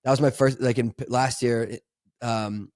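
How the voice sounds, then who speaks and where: A man's steady, slightly dark mid-range voice carries casual, rambling podcast chat at a moderate pace, peppered with fillers, restarts, and laughter. He is a co-host, recorded in studio quality with no room sound.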